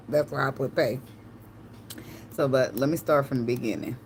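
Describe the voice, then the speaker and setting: Low-voiced chatty woman reading tarot. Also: normal speed, darkish tone, slight background noise. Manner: chatty, tangential, slangy, swears and laughs. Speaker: tarot reader. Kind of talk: casual channeled tarot reading.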